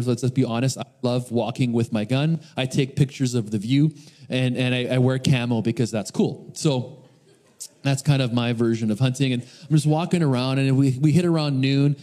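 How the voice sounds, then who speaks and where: A man's voice: medium pitch, fairly even intonation, a little fast, mellow. A man preaching a sermon, telling a personal story in a casual, storytelling way with frequent restarts. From North America. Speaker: pastor.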